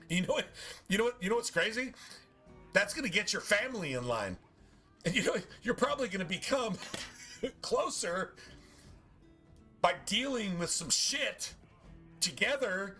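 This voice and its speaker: Profane, preachy male streamer with a sharp voice. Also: sits high, expressive, normal speed, long pauses, faint music behind. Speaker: game streamer. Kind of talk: casual rant while gaming.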